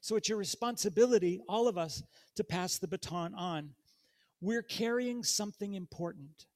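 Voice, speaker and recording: A man with a notably high voice preaches in a church. He reads scripture aloud, then speaks conversationally and turns to the congregation with direct questions. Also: normal speed, darkish tone. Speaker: guest preacher. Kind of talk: sermon.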